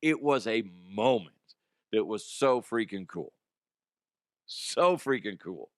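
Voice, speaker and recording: A man hosting a comedy show, his voice hoarse and strained, chatting casually in a rambling, excitable way and laughing often. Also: on the low side, slow, no echo, clean studio sound. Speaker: comedy show host and youth baseball coach.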